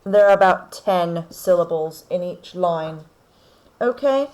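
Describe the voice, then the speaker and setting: A woman teacher, slowly talking through a poem for her class and checking in with "okay?" as she goes. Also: lowish voice, lively intonation, darkish tone, poor audio. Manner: slow, deliberate explaining with frequent "okay?" checks. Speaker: English teacher. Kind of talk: recorded lesson on poetry.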